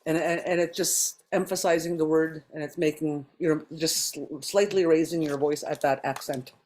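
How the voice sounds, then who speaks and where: This is a woman's voice, sitting a touch lower than most, as she leads a class online. She explains slowly and patiently, filling gaps with ums while she works through each point. The sound has the feel of a video call. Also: fairly even intonation, a little mellow. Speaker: language teacher.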